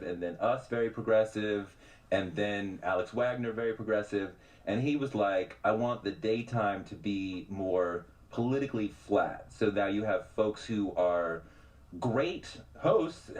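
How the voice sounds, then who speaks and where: A middle-aged man telling stories as a guest on a radio show, animated and quick to act out the people he quotes. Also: fairly low pitch. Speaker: podcast host and journalist guest. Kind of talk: radio interview conversation.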